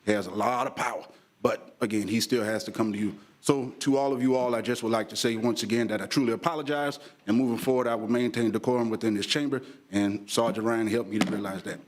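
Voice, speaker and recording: Earnest reverend at a council podium. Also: male voice, lowish voice, fairly even intonation, quick pace, a little hiss or hum. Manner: earnest, conciliatory, preacher-like cadence. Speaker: reverend speaking at public comment. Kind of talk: public comment at a city meeting. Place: city commission chamber.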